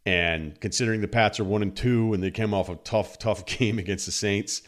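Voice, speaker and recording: A man from New England talks football as a guest on a sports podcast. His voice sits very low. He rambles through long stories and acts out quoted exchanges along the way. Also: moderate pace. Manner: rambling, animated storytelling with quoted asides. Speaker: guest analyst. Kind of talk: casual sports talk.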